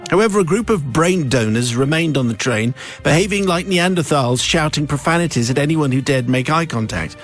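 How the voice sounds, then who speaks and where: A male radio host reads a listener's letter aloud with playful, theatrical amusement. His voice sits on the high side. Faint music plays under the studio mic. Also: animated, fairly quick, few pauses.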